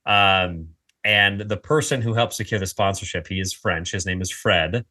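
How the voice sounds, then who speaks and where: Chatty guy hosting a podcast, lowish voice with a bright edge, jokey and rambly, dry close sound. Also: normal speed, no echo. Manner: rambling, jokey, often restarts and corrects himself. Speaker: podcast host. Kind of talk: casual chat.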